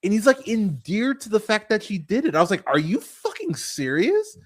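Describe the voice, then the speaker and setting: A man's voice: sits high, huge pitch swings, normal speed, slightly rough. A man hosts a movie podcast, ranting about a film he hated in a loose, casual way. He swears freely and piles on fillers and false starts as his frustration builds. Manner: exasperated, swearing, many fillers and restarts. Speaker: podcast host. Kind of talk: casual movie review rant.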